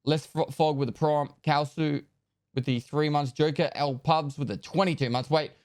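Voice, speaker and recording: A man on a live stream, his voice smooth and a touch higher than most men's, reading out viewer names and thanks in quick, loose bursts. He jokes around and swears now and then. It is a close desk mic in a dry, dead room. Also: fairly even intonation, a little mellow, dry recording. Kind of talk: casual live-stream chat, reading out subscriber thank-yous.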